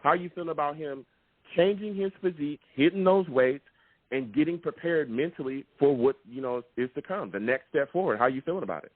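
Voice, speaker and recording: A man hosting a live call-in sports podcast, talking emphatically and repeating himself with excitement. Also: a little high, a little fast, no room sound. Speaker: sports talk show host. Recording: tinny phone-like, dry sound.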